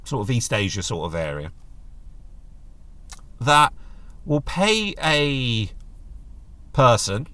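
A man's voice: mid-range voice, sing-song, slow pace, pauses often, bright, forceful tone, no echo. A middle-aged man, hosting a casual solo podcast in a jokey, rambling manner. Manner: chatty, jokey, does silly voices when quoting others. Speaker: podcast host.

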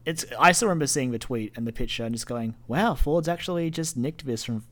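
A man's voice: medium pitch, brisk. A man co-hosting a casual gaming podcast, speaking in an offhand way and explaining things plainly. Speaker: podcast co-host.

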